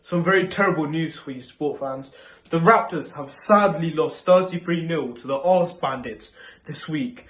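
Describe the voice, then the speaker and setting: A man hosting a parody news show, reading stories in a deadpan style and stumbling over his words. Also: high-pitched. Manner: deadpan, stumbling mock-newsreader delivery. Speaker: host.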